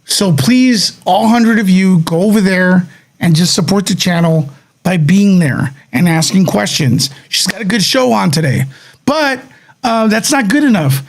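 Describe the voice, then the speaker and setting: A man hosting a casual livestream, his voice worn hoarse and raspy, talking straight to his viewers. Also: high-pitched, lively intonation, a little slow. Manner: rambling, addresses viewers directly. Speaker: livestream host.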